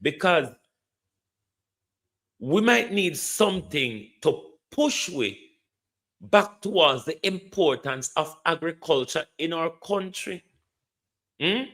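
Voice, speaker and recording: A man's voice: a little high, animated, slow pace, pauses often, a bit bright. A Jamaican man hosting a commentary show, making impassioned appeals to the government and answering listeners. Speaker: host.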